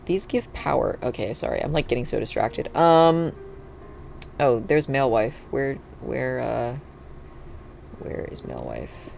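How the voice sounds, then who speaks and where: A live streamer chatting casually while playing, thinking aloud and breaking into excited cheers. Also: mid-range voice, a little slow, vocal fry, background noise. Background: faint background music and keyboard typing.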